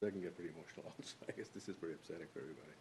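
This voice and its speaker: A man speaking as a city council member, halting and conciliatory, often stumbling and restarting his words. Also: low-pitched, fairly even intonation, noisy background. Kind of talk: council meeting remarks. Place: council chamber.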